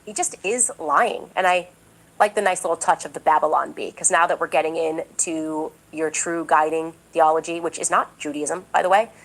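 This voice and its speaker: A woman's voice: deep voice, fairly even intonation, moderate pace, rough recording. A woman commentator delivering a podcast monologue, emphatic and indignant, repeating her points insistently. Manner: mocks others in a raised, exaggerated voice. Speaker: political commentator.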